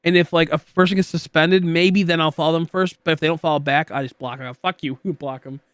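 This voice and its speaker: A young man from Michigan talks to his stream in a loose, rambling way, goofy and stuffed with filler words. His voice sits a bit high. The sound is dry and close. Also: fairly even intonation, fairly quick, fairly bright tone, smooth, no echo. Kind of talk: casual chat while gaming.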